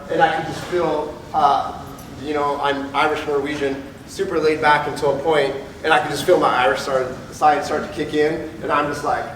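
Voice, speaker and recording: A man whose voice is a little high gives personal testimony as a police officer, frank with his audience and mimicking the people he quotes. There's a little hiss or hum, and he's far from the mic in an echoey hall with faint ambience.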